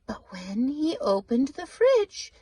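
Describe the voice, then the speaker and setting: Grandmother reading a picture book slowly. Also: high voice. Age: older. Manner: slow, animated, with whispered asides to a child. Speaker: storybook reader.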